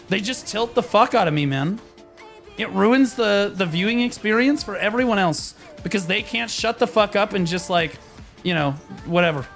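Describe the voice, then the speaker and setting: A man's voice: high voice, vocal fry, a bit bright. A young man streaming a game, ranting in a frustrated, profane, rambling way with many restarts. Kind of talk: live-stream rant.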